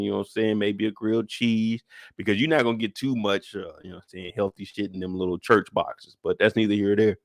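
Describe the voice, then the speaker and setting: A young man hosting a casual live recap show, joking and profane, ranting with sudden high-pitched bursts of outrage. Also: dry recording, clean studio sound. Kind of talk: animated casual recap chat.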